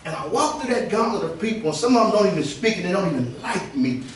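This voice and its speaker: A man preaching a sermon, telling lively stories and drawing responses from the congregation. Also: sits high, fast, slight background noise. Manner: animated storytelling with call and response. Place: church sanctuary. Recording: distant echoey church recording.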